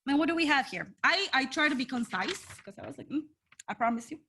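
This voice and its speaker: A woman co-hosting a casual wrestling podcast, sassy and animated, swearing freely. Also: high-pitched, fast, slight background noise. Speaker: podcast co-host.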